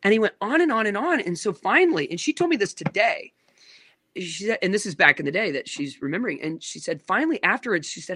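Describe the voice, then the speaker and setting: A man in his thirties who works as a pastor, telling a long story in casual conversation. His voice is bright and a little high for a man, and he rambles with asides and restarts. The recording is dry and close. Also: sing-song, fast, slightly rough, no room sound.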